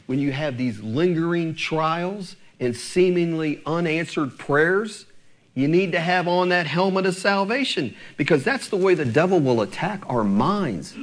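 A pastor delivers a sermon with animated energy and a lively pitch. He keeps putting rhetorical questions to the congregation.

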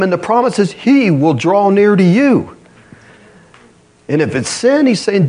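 A man preaching a sermon to a congregation, reading scripture aloud, asking the room for responses and leaping to emphatic high calls before dropping low and slow. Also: big pitch swings, mellow, slightly rough. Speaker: pastor.

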